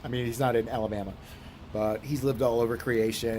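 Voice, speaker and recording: A man's voice: mid-range voice, flat delivery, fairly quick, darkish tone, slight background noise. Profane rambling man vlogger. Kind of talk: casual vlog rant.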